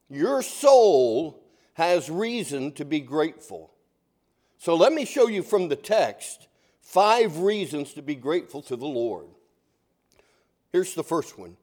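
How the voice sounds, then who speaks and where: A man's voice: on the high side, darkish tone. A pastor preaching a sermon in a folksy, conversational way, asking his congregation questions.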